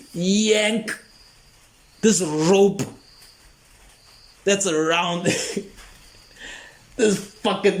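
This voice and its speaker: A man voicing a haughty woman who shows off her pet lion and bosses it around in a comedy podcast bit. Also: high voice. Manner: bossy, self-important.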